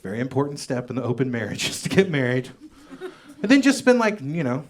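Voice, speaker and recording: A man doing a stand-up comedy set on stage in a comedy club, with wry, deadpan asides that trail off. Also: mid-range voice, fairly quick.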